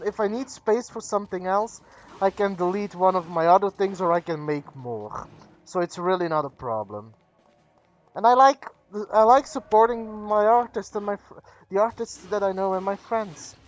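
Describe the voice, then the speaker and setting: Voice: mid-range voice, moderate pace, dull audio. A streamer from Belgium, a native Dutch speaker with a Flemish accent, chatting casually and rambling as they answer their viewers. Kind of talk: casual livestream chat with viewers.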